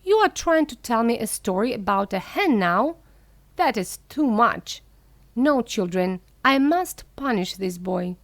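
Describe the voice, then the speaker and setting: A woman's voice: fairly high pitch, lively intonation, a little slow, dry recording. Storybook headmaster: strict, scolding man, read by a woman, dry-voiced. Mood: angry. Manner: stern, scolding. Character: stern strict male school headmaster.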